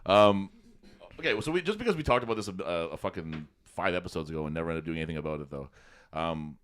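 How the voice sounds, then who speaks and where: A man's voice: sits low, fast talker. A man hosting a podcast who laughs often, swears and tells stories in casual chat. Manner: laughing, swearing, lively storytelling. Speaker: podcast host.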